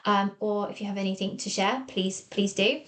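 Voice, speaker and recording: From a small office, a woman from England with an English accent runs her own solo therapy podcast, her mid-range voice moving at normal speed. Warm and coaching, she guides listeners through ideas and voices the people she quotes.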